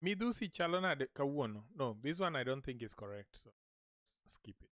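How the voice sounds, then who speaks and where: A man teaching a language lesson, saying short phrases slowly and repeating them so listeners can echo him. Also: mid-range voice, very animated, fairly bright tone, studio quality.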